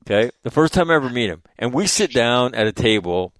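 A man hosting a casual conversation, telling stories in an animated, profane way. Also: mid-range voice, quick pace, dry recording.

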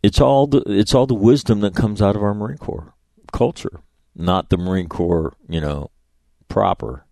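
A man's voice: fairly low pitch, normal speed, creaky, mellow, dry recording, clean studio sound. A middle-aged man hosting a show, telling stories in a blunt, profane, rambling way with many restarts. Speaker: podcast host and public speaker. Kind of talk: casual storytelling monologue.

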